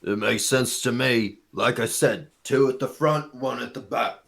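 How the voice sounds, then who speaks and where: A man voicing a gruff male bugbear guard in a rough, throat-straining voice. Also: mid-range voice, measured pace, fairly bright tone, pitched above the performer's own voice.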